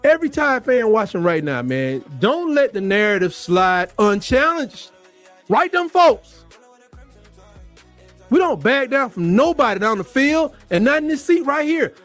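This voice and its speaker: High-voiced fired-up man ranting. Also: sing-song, unhurried, a bit bright, faint music behind. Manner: fired-up, mocking, repeats himself for emphasis. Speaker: sports commentator. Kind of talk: heated sports rant.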